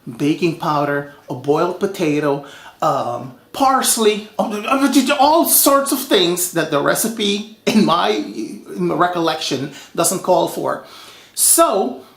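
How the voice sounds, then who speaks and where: A man's voice: on the high side, slow pace, creaky, echoey room. Chatty man hosting a cooking show. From Suriname. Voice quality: lively, chatty storyteller. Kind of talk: casual cooking show talk.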